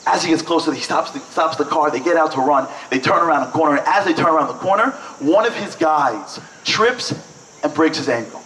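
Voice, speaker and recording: A man's voice: on the high side, brisk, reverberant, distant mic, a little hiss or hum, low-quality recording. A man telling a story at a breakfast event, acting out the people in it. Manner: animated, acts out quoted voices. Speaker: speaker. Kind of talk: storytelling speech. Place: event hall.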